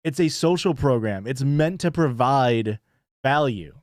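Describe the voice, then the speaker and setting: Sarcastic, rambling streamer with a lively voice. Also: medium pitch, a little slow, no echo, clean studio sound. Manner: rambling, sarcastic, lots of swearing and fillers. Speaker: stream host reacting to a TV show. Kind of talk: casual reaction commentary.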